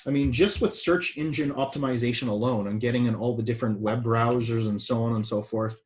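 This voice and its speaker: Energetic male business coach. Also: fairly quick. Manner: energetic, conversational, with sudden excited pitch jumps. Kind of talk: business seminar talk.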